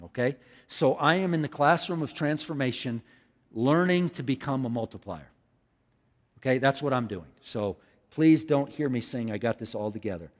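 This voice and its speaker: A man delivers a sermon from a church pulpit, his voice sitting a little high and leaping around with lively intonation. He repeats key phrases and calls on the congregation to say lines back to him. The sound carries a long, echoing hall reverb. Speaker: pastor.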